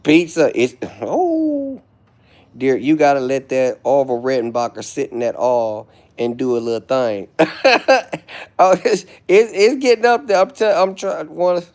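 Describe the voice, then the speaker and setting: A man hosting a live stream, ranting loudly with insults and rambling asides. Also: mid-range voice. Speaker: livestream host. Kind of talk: profane rant on a live stream.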